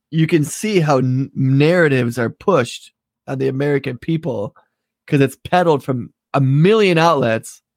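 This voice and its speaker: A man's voice: a little high, a little mellow, dry recording. Opinionated man on a podcast. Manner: opinionated, swearing, conversational. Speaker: podcast co-host. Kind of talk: casual political chat.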